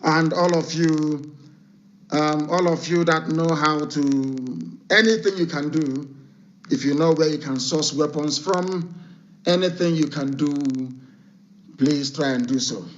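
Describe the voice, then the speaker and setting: A Nigerian man delivers an impassioned live radio address to supporters, commanding them and repeating his orders for emphasis, his voice not yet fully recovered from illness. He speaks slowly in a higher register, and the dull lo-fi broadcast audio carries some hiss or hum.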